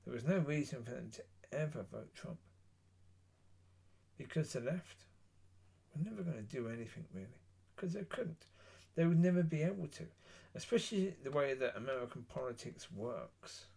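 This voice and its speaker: A man giving a blunt, opinionated solo monologue, rambling with pauses. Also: mid-range voice, animated, gravelly, darkish tone, breathy edge. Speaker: political commentator.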